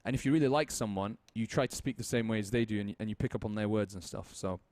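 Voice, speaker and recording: A young Mancunian man casting a shooter match. He talks at a mid pitch in a chatty, rambling way, doubling back on his words and laughing easily, with faint game gunfire behind him. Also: fairly even intonation, fast talker, darkish tone, no echo. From Manchester, with Libyan roots. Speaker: esports caster. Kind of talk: casual esports commentary.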